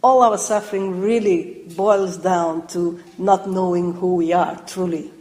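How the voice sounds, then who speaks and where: A woman's voice: fairly low pitch, steady tone, measured pace, dark tone. A woman teaching a Buddhist dharma talk at a retreat, reflective, with light laughs and restarts. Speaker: meditation teacher. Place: retreat hall. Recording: roomy hall reverb.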